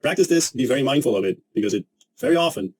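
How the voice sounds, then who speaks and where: Fast, animated man coaching sales. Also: a little hiss or hum, rough recording. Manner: animated, emphatic, acts out quoted clients with a jump in pitch. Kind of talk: energetic sales lesson.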